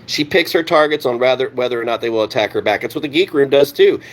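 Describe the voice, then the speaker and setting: A man's voice: mid-range voice, expressive, fast talker. A man ranting on a live stream, heated and sarcastic, swearing constantly and answering his chat. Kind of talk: profane live-stream rant.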